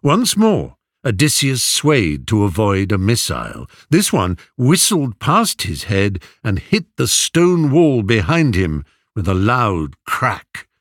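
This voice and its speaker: A man narrating an audiobook in a measured, expressive reading, recorded close. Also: on the low side, no echo. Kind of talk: audiobook storytelling.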